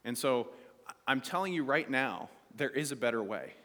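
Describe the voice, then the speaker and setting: Animated man preaching in a reverberant hall. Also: medium pitch, moderate pace. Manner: animated preaching, asks the congregation questions. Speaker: pastor. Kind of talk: sermon.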